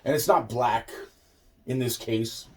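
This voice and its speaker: A man's voice: mid-range voice, slow pace. A man telling a rambling personal story. He swears constantly, loses his thread and trails off into repeated fillers.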